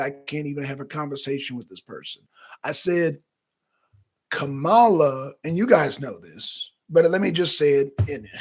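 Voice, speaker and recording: A man hosting a talk show, giving casual, animated political commentary that rambles and repeats itself. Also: a little high.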